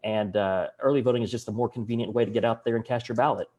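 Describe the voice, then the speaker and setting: A man's voice: medium pitch, fairly even intonation, fast talker, mellow. A man with a Southern US accent, speaking earnestly as a panelist on a video call and working through statistics with small restarts. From Arkansas, US. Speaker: panelist, county election official. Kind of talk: online panel discussion.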